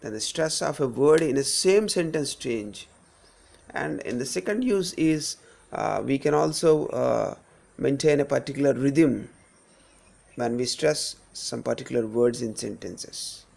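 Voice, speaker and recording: Slow, gravelly Indian-accented male teacher. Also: medium pitch, animated, darkish tone. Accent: Indian English. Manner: repeats words slowly with exaggerated stress. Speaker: English pronunciation teacher. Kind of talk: slide-based pronunciation lesson.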